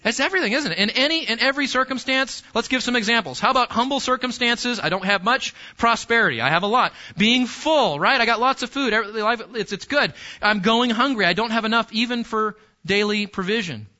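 Bright, high-voiced preacher, man. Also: fairly quick, hardly any pauses, dull audio. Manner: conversational, repeats key phrases, questions the congregation. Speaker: pastor. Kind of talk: sermon. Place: church.

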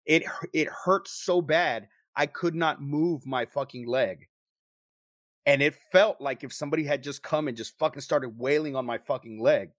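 A young man with a slightly high voice tells a story to friends, swearing constantly and acting out every quote with rising energy. The sound is dry and close, with no room behind him. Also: normal speed, dry recording. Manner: profane, animated storyteller who acts out quotes. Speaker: paranormal investigator telling a story. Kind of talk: casual storytelling among friends.

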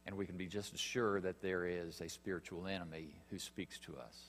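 A man preaching a sermon, earnest and emphatic, pausing and rising in stress as he reads scripture. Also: low-pitched, fairly even intonation, fairly bright tone, long reverb tail, slight background noise. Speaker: pastor.

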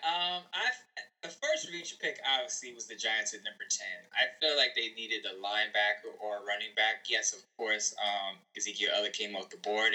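A man's voice: mid-range voice, bright, forceful tone, poor audio. A man who writes about sports, co-hosting a podcast and talking in a chatty, self-assured, rambling way. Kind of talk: casual sports chat.

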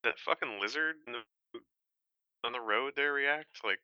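A man's voice: medium pitch, unhurried, bright, forceful tone, smooth, dry recording. A man playing a tabletop game, asking hesitant questions full of fillers, on a dull lo-fi mic. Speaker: player.

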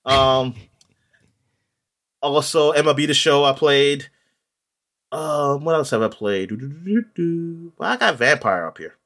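A man talks in a loose, casual chat, his voice sitting at an ordinary middle pitch. He rambles, trailing into ums and restarting his sentences as he goes. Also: expressive, takes it slowly, long pauses, a bit bright. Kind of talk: casual chat about video games.

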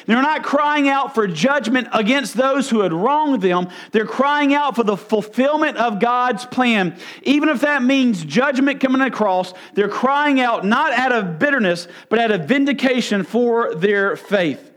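High-voiced man teaching a sermon. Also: expressive, a little slow, a bit bright. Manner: earnest, explanatory, frequent throat clearing and fillers. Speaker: preacher.

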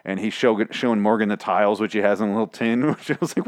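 A man's voice: on the low side, fast, no echo, clean studio sound. A young man giving a casual spoken show recap, rambling and profane, full of restarts.

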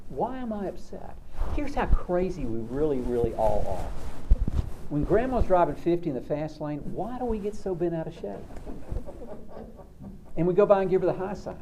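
A man's voice: a little high, warm tone, slight background noise, low-quality recording. A middle-aged man, a counselor telling stories about recovery with folksy, self-mocking humor. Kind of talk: storytelling talk on recovery.

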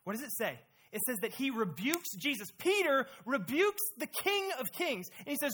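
A preacher giving a sermon with emphasis, asking the listeners rhetorical questions and shifting between quiet and loud delivery. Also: high voice, big pitch swings, moderate pace, hardly any pauses, slight background noise.

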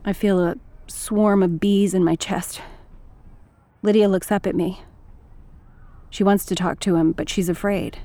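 A woman's voice: medium pitch, fairly even intonation, a little slow, long pauses, mellow. A woman narrating a first-person story in a wry, intimate way with flashes of anger.

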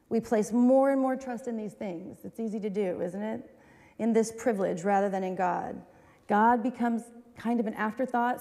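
A woman's voice: medium pitch, mellow. Woman preaching in an echoing hall. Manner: conversational, candid, self-deprecating asides. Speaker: pastor. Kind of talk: sermon. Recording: long reverb of a large hall.

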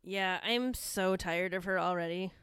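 A woman co-hosting a podcast, chatting casually about wrestling, animated and giggly, sometimes trailing off unsure. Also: fairly low pitch, measured pace, clean tone, no room sound, clean studio sound. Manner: animated, giggly, hesitant at times. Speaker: podcast co-host. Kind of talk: casual wrestling recap chat.

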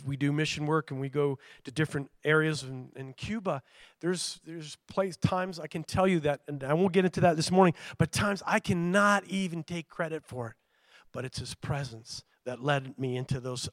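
Male pastor, high gravelly voice, lively sermon delivery with loud bursts, dry close sound. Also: no echo. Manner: animated preacher, jumps from soft asides to loud peaks; acts out voices of people in the story.

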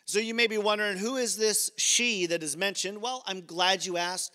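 A man's voice: high voice, moderate pace, hardly any pauses, sharp tone, long reverb tail. A man pastor preaching a sermon in a conversational way, with playful asides to the congregation.

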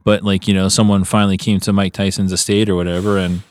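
A man's voice: low voice, level tone, fast, a little mellow, dry recording. A young adult man co-hosting a podcast, rambling through stories with constant fillers. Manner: rambling, filler "like" in nearly every line, laughs often. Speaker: podcast co-host. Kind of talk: casual podcast chat. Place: podcast studio.

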